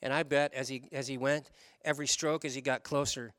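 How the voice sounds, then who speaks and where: Animated male preacher telling a story. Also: medium pitch, no echo, clean studio sound. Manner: animated storytelling, shifts between fast runs and slow emphasis. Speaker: pastor. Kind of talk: sermon.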